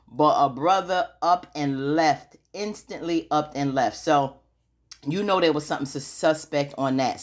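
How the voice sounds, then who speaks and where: A woman giving a chatty, casual recap of a TV episode, with lots of "you know" fillers and questions to her audience. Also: deep voice. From United States. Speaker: TV recap YouTuber.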